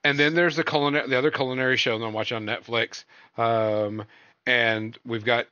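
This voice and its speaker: A man's voice: mid-range voice, steady tone, a little fast, sharp tone, clean tone, no room sound, dull audio. A man hosting a casual podcast, reviewing shows and films in a rambling way, full of fillers and trailing off. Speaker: podcast host.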